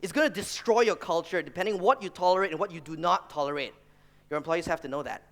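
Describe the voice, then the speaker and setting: A man's voice: on the high side, quick pace. A man in his thirties giving a business talk to an audience, telling stories and acting out the people in them. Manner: animated storyteller who acts out family members and colleagues. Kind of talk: stage talk with acted anecdotes.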